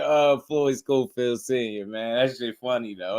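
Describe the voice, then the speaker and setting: A man's voice: medium pitch, steady tone, normal speed, few pauses, a little mellow. A man hosting a boxing talk show, chatting in a casual, slangy way and often laughing. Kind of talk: casual commentary.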